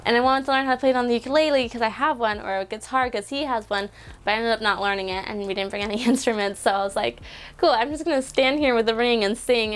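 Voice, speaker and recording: A woman in her twenties telling a story to the camera in a casual vlog, acting out quotes with squeals and excited shrieks. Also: a little high. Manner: animated, acts out quotes with squeals and screams. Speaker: vlogger.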